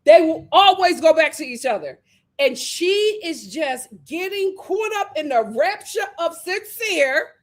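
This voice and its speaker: A woman's voice: very high voice, unhurried. A woman hosting a casual, sassy recap of a reality show, talking animatedly. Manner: animated, sassy, sings and riffs.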